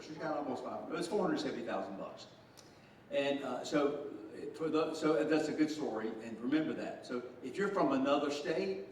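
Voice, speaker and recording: A man in his sixties with a Southern drawl tells folksy, joking stories to a gathered group. His voice sits at an ordinary pitch for a man. He is picked up from some distance in a very echoey room, with faint noise underneath. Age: 60s. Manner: folksy storyteller, joking, chuckling. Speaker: state official. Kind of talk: speech to a group.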